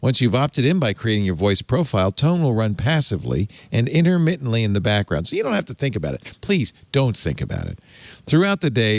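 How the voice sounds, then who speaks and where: A man's voice: lowish voice, dry recording. Sarcastic male host, dry sound. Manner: sarcastic, reads press text aloud with wry asides. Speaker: tech show host. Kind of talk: casual panel chat.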